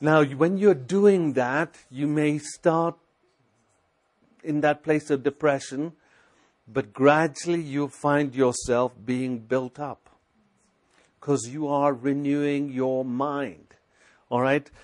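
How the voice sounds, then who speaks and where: A man's voice: fairly high pitch, fairly even intonation, takes it slowly. A man preaching a sermon, urging his listeners with repeated rhetorical questions and scripture recited aloud. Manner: exhorting, repetitive, rhetorical questions.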